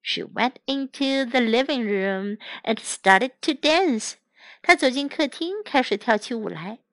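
Woman teacher reading a kids story out loud, slow and clear, bright voice, dry close sound. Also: a little high, dry recording. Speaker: English teacher. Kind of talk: bilingual storybook read-aloud.

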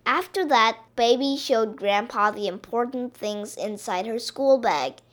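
A woman reading a children's picture book aloud in an expressive, drawn-out way. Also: fairly high pitch.

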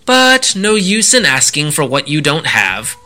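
A man's voice: on the high side, very animated, unhurried, sharp tone, soft background music, full character voice. A man doing sly coaxing hungry soldiers. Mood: wistful. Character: three hungry clever male soldiers, sly and persuasive.

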